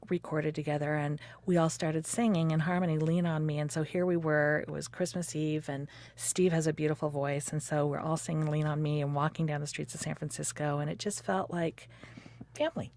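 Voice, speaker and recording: A woman in her fifties telling the story of her courtship in a lively way, laughing often and acting out quotes. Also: low-pitched, brisk. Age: 50s. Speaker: interviewee recounting her courtship. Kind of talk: personal storytelling conversation.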